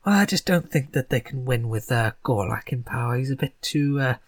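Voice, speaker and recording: A man's voice: medium pitch, animated, a little fast, dry recording, clean studio sound, voice pushed down. A man voicing a female receptionist, a former band member, in an affected put-on accent, rambling with many fillers. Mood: confiding. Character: female receptionist, ex-band Melodian player, chatty.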